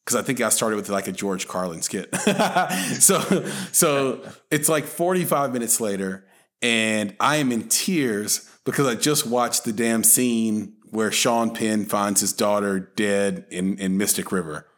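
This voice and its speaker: Animated low-voiced man telling stories. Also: unhurried. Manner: animated storyteller, acts out film lines, self-described softie. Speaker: podcast co-host. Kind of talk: casual chat.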